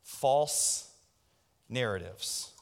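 A man's voice: mid-range voice, expressive, extremely slow. A man pastor preaching a sermon in a church, calling on the congregation to answer back. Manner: call-and-response preaching. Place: church sanctuary. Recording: long reverb in a church hall.

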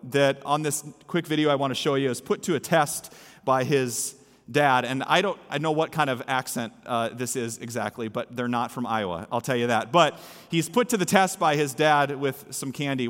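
A man's voice: medium pitch, moderate pace, fairly bright tone. A male pastor giving a sermon in a church, preaching with emphasis and repeating his key lines. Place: church sanctuary. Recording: echoey hall with long reverb.

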